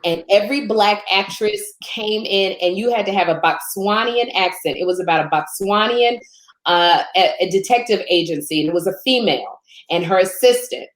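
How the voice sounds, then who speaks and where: A woman from Chicago, a guest telling lively stories in casual chat, laughing and acting out quotes. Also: moderate pace. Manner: animated, laughs often, acts out quotes in higher voice. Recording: roomy echo.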